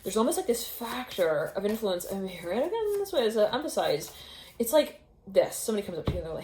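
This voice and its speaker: A woman's voice: on the low side, animated, fast talker, a little mellow, reverberant, slight background noise. A woman giving a casual tarot reading to her viewers, rambling and intuitive, with frequent laughs and restarts. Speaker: tarot reader.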